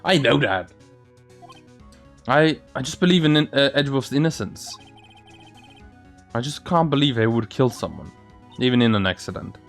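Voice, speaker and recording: A man's voice: medium pitch, expressive, moderate pace, vocal fry, long pauses. A man hosting a let's play, reading the game's dialogue aloud with small slips and restarts, over faint game music.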